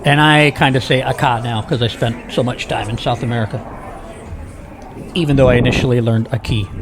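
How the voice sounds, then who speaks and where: A man's voice: mid-range voice, fairly even intonation, a little fast. A man chatting to viewers as he walks a busy city street, filming a casual tour vlog. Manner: chatty, talks to viewers while walking. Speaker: walking tour vlogger. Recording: street noise behind. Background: city street ambience.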